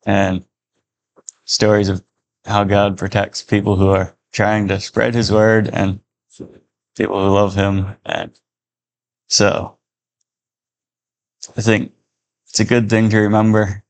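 Low, gravelly male storyteller. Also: level tone, slow, pauses often. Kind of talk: reading a Christian story aloud.

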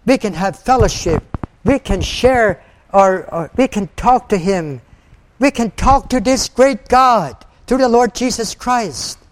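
An older male preacher with a high voice delivers a fervent sermon. He repeats his phrases for emphasis and quotes scripture in old-fashioned wording. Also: lively intonation, measured pace.

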